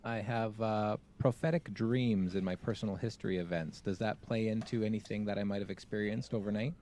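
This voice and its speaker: A man playing a tabletop game, asking calm, matter-of-fact questions. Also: lowish voice, fairly quick, a little hiss or hum. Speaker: player. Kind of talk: casual tabletop play.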